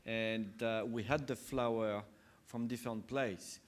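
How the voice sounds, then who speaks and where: A man's voice: on the low side, fairly even intonation, slow. A man from France with a French accent, a chef sharing anecdotes in an interview, hesitant and full of fillers. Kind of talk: interview conversation.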